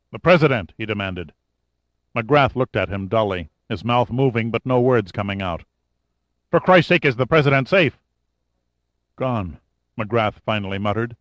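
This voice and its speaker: Male thriller narrator, low voice, measured, dry and dull studio sound. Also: no room sound. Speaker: audiobook narrator.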